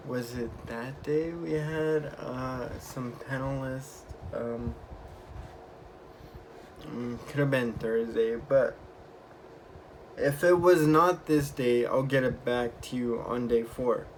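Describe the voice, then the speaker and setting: A young man vlogging, casually retelling his week with lively quoted bits of dialogue. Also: medium pitch, slow, a little hiss or hum. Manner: chatty, animated retelling with acted quotes. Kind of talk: casual storytelling vlog.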